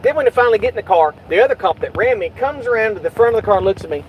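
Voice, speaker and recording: A middle-aged man talks agitatedly and swears while chatting in a vehicle, loudly acting out what others said. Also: sits high, animated, very fast, dull audio, a little hiss or hum. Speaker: YouTube channel host. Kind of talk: casual vlog chat in a car.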